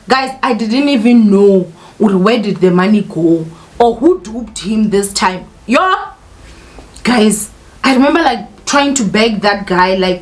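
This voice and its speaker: A woman's voice: mid-range voice, animated, slow. A young woman vlogger telling a personal story in an emotional, candid way, often turning to speak straight to her viewers. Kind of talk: casual storytime monologue.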